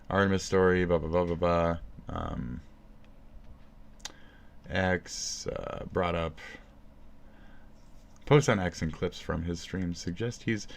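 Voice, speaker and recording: A man with a deep, low voice rants into his phone mic. He rambles and swears nonstop, piling sarcasm into loose, profane commentary. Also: gravelly, a little hiss or hum. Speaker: streamer commenting on another streamer. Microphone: phone recording.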